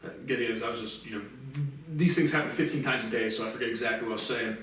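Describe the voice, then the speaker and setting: A man's voice: medium pitch, very fast, fairly bright tone, a little hiss or hum. A man talking alone on his show in a casual, rambling monologue, blunt and full of swearing. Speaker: podcast host. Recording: echoey room, mic at a distance.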